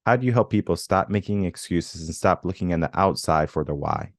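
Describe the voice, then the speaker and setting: Deep-voiced reflective male podcast host. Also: a little fast, no room sound, clean studio sound. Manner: reflective, storytelling with quoted inner voices. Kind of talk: conversational interview.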